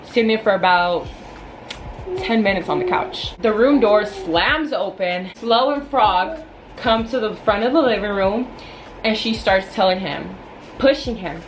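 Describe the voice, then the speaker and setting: Twenties woman, animated casual storyteller, mid-range voice, faint noise behind. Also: mid-range voice, a little slow, low-quality recording. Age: 20s. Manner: animated, chatty, filler-heavy. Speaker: vlogger.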